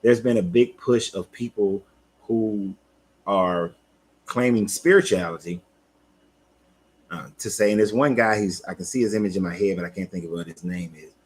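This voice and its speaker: A man's voice: lowish voice, normal speed, husky. A man hosting a live stream, reading scripture and commenting on it in a loose, rambling way, breaking off to greet viewers by name. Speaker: spiritual coach and host.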